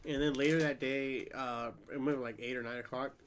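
A man's voice: mid-range voice, brisk, slight background noise. A man hosting a podcast, telling a funny story in casual chat and laughing as he goes. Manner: animated storyteller, laughing through anecdotes. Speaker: podcast host.

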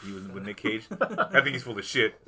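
A man's voice: lowish voice, brisk, pushed and bright, a little hiss or hum. A man joking crudely in casual chat.

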